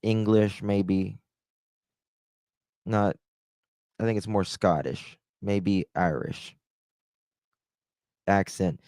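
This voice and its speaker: Man, live-stream host, slow unhurried talk, dry close sound. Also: fairly low pitch, darkish tone, no room sound. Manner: rambling, hesitant, affectionate toward chat. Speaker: livestream host. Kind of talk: casual live-stream chat.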